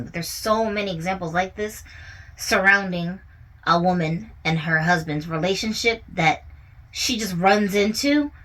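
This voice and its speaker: Woman commentator, casual and chatty, mid-pitched voice, keeps checking in with the listener. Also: fairly bright tone, low-quality recording. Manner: conversational, often asks "you know what I'm saying?". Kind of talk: casual relationship commentary monologue.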